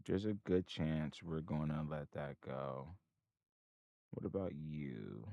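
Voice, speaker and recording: A man's voice: very deep voice, slow, vocal fry, no room sound, highs cut off. A man streaming his day trading, swearing at himself, lecturing viewers, and muttering to himself between trades. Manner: profane, self-critical, talks to himself; excitable outbursts between mumbled asides. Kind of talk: live trading commentary.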